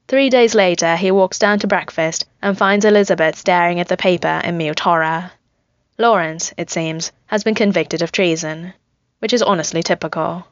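A woman's voice: fairly low pitch, moderate pace, no room sound. Woman reading a story, lo-fi. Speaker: narrator. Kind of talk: scripted narration of fan fiction.

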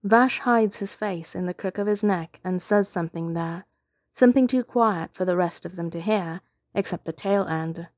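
Low-voiced woman narrating a story. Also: moderate pace, no echo, studio quality. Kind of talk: reading fan fiction aloud.

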